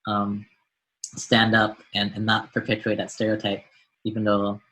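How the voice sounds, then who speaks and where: An American man with a low, bright, forceful voice answers interview questions. He talks reflectively and stops to repeat his words as he goes. His tone stays direct even when his pitch sits low. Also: unhurried, poor audio. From United States. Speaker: guest, doctor and mentor. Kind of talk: podcast interview.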